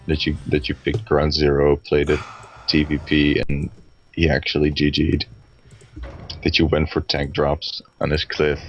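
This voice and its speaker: A man's voice: extremely low pitch, little pitch movement, moderate pace, a little hiss or hum. A young man casually commentating a video game match with teasing, profane banter. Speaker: esports commentator.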